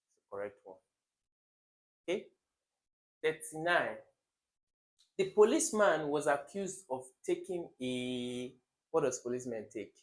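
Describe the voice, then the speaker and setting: A young man teaches an English exam lesson in an emphatic way. He repeats key words and keeps quizzing his listeners. His voice sits at an ordinary middle pitch. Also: fairly bright tone. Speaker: exam tutor. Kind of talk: recorded exam-prep lesson.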